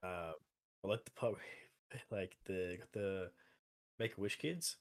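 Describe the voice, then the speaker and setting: A man co-hosting a podcast in casual chat, animated and chuckling as he talks. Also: low voice, takes it slowly. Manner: animated, chuckles while talking. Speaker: podcast co-host.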